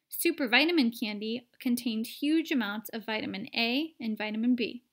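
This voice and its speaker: A woman reading a children's book aloud in a lively storytelling manner with playful asides. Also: fairly high pitch, normal speed, hardly any pauses. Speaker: reader.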